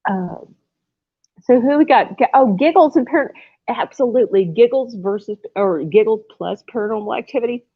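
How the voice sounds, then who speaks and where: A woman's voice: on the high side, moderate pace, slightly rough, dry recording. A woman hosting a casual livestream from home, rambling and effusive, often breaking into laughter. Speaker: livestream host. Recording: tinny phone-like sound.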